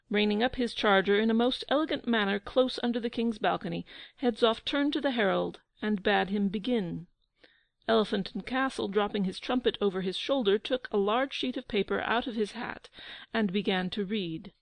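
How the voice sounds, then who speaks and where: A woman narrating a children's audiobook in an expressive storytelling manner. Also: mid-range voice, moderate pace, gravelly, no room sound, low-quality recording. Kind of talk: scripted narration.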